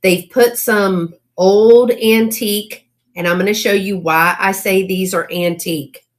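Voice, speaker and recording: A woman with a drawl hosts a live online sale and talks at an unhurried, slow pace. Her voice sits at an ordinary middle pitch. She is chatty and keeps exclaiming over each item, and she stumbles through old cursive as she reads it aloud. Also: steady tone. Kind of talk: casual live-sale chat.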